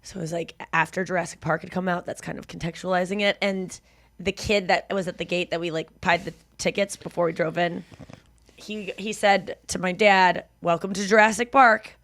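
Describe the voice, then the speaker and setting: A woman's voice: on the low side, normal speed, creaky. A woman in her thirties hosting a podcast, telling stories in casual chat and laughing often. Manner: animated storytelling, laughs often. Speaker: podcast host.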